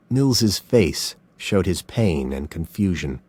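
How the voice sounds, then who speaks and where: A man narrating a story in a slow, scripted reading. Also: low voice, animated, a little mellow, no echo.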